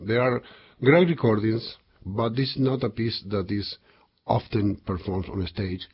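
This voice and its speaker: A man hosting a classical music radio show, introducing pieces with unhurried enthusiasm. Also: lowish voice, husky, highs cut off. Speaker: radio host and composer.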